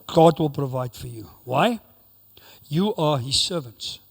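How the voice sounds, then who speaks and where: Male pastor, high and very animated delivery, preaching in a long-reverb church hall. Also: unhurried, vocal fry, breathy edge. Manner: preaching with bursts of intensity, dramatic voiced quotes. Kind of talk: sermon.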